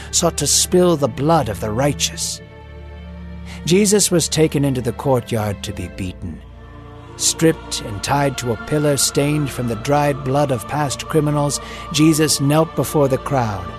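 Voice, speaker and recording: Grave male storyteller over music. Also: mid-range voice. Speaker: narrator. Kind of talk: dramatic scripted narration.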